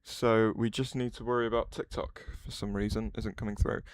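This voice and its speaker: A man streaming live and chatting loosely with his viewers, often breaking off mid-sentence to start over. His voice is smooth and clean, and it is recorded dry and close with no room sound. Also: on the low side, level tone, a little fast, no room sound. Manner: rambling, restarts sentences, answers chat aloud. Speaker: livestreamer. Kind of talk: casual livestream chat.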